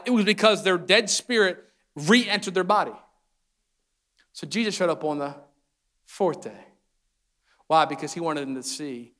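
A young man preaching a sermon with a high, bright, ringing voice. He swings from calm explanation to loud, fervent, drawn-out declarations, with playful asides in between. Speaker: pastor.

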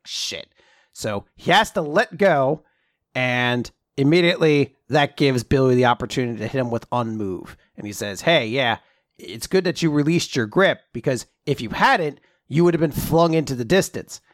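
A man in casual chat, animated and laughing often as he swears and acts out character lines. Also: mid-range voice, normal speed, no room sound, studio quality. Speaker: podcast co-host. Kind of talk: casual chat recapping a comic.

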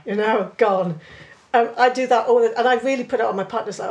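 A woman with a Cornish accent, a writer talking in a relaxed, chatty podcast conversation. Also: fairly high pitch, normal speed. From Cornwall. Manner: chatty, animated storytelling.

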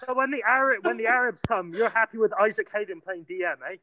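A man's voice: high-pitched, quick pace, pushed and bright, dull audio, a little hiss or hum. A man chatting casually about football, swearing and laughing as he talks.

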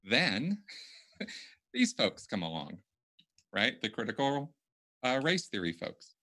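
A man's voice: mid-range voice, sing-song, takes it slowly, bright, forceful tone. A man hosting a casual podcast conversation, speaking emphatically and often restarting his sentences. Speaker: podcast host.

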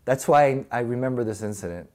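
A man's voice: mid-range voice, expressive, brisk, warm tone. A middle-aged man being interviewed, telling stories casually and animatedly, acting out voices and laughing often. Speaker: guest.

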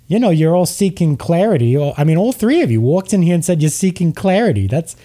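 A man voicing a cheerful, gushing woman receptionist in a high, sing-song voice. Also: very animated, a little fast, warm tone. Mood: chatty.

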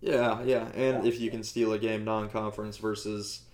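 A man's voice: fairly low pitch, little pitch movement, normal speed, a little mellow, reverberant. A man hosting a casual sports podcast, easygoing and rambling with fillers. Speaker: podcast host.

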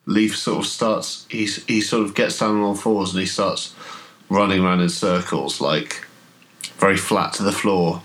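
A man running a tabletop horror game as game master, telling the scene in a relaxed, hesitant way with many fillers. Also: low-pitched, measured pace, slight background noise. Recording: podcast audio.

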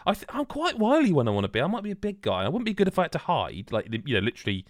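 A man's voice: a little high, huge pitch swings, racing, dry recording, studio quality. A man hosting a podcast, rambling and joking with friends, full of restarts. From Wales. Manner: rambling, jokey, many restarts. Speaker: podcast host. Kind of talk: casual banter.

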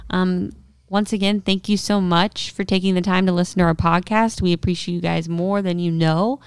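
A young woman with a smooth, clear and fairly low voice, chatting as a podcast co-host. She retells stories with animated quoted lines. The sound is dry and close. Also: moderate pace, no echo. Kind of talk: casual storytelling chat.

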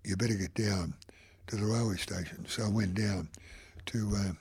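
A man's voice: on the low side, fairly even intonation, normal speed, darkish tone, breathy edge. An older man, telling a rambling anecdote in an interview and acting out the voices of people he quotes. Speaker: photographer. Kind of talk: anecdotal storytelling.

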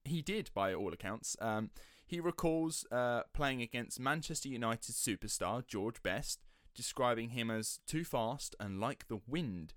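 A man's voice: mid-range voice, animated, measured pace, few pauses, a bit bright, no room sound, clean studio sound. A man hosting a podcast, telling a story in a chatty, sceptical way. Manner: chatty, sceptical, slips into quoted voices. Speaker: podcast host. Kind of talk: casual storytelling chat.

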